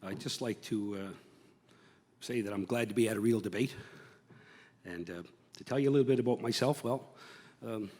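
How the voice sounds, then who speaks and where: A man from Cape Breton running for mayor speaks in a folksy, halting way, with lots of "uh" and "well." His voice sits low. A long hall reverb rings behind him. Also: darkish tone. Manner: folksy, with frequent fillers. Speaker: mayoral candidate.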